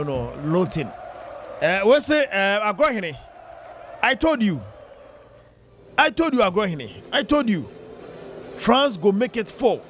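A man giving excited live football commentary on radio, with bursts of shouting. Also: a little hiss or hum. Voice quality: high-pitched, shouting bursts, mixing languages.

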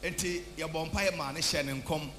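A man preaching as a prophet, shouting and half-singing his lines, mixing in testimony from the congregation. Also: fairly high pitch, unhurried. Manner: shouting, sing-song preaching, switches between Twi and English. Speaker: prophet leading a church service. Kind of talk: charismatic sermon with testimony. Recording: echoey church hall with background hum.

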